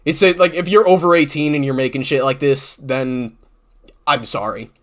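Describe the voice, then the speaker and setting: A man's voice: fairly high pitch, brisk. A man, a YouTuber, ranting about online comments in an exasperated, sarcastic way, swearing often and restarting his sentences.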